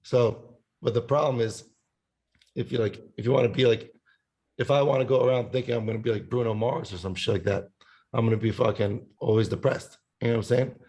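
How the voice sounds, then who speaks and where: A man with a mid-range, slightly mellow voice and fairly even intonation talks briskly as a musician guest on a podcast. He comes from an Italian family background and rambles loosely in casual chat, swearing often and occasionally singing snippets.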